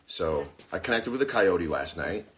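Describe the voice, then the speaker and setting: A man in his forties hosting a casual live-stream chat, rambling and joking, now and then bursting into yells, with an aching dry socket. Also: sits low, animated, moderate pace, slight background noise. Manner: rambling, jokey, bursts into yelling. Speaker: show host.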